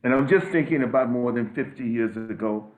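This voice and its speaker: An older man on a video call giving an emotional tribute, halting and restarting often. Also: medium pitch, darkish tone. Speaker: guest speaker. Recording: phone-like audio.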